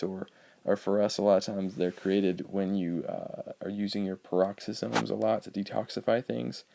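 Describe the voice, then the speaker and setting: A male biology teacher giving a recorded lecture over slides, explaining in a relaxed way with frequent ums and uhs. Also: fairly low pitch, creaky, noisy background.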